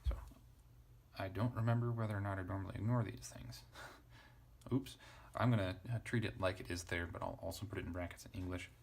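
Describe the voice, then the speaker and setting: A man's voice: low-pitched, steady tone, fairly quick, vocal fry, a little mellow, slight background noise. A man teaching a casual lesson, thinking aloud as he spells out letters and parses a text. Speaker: Greek teacher.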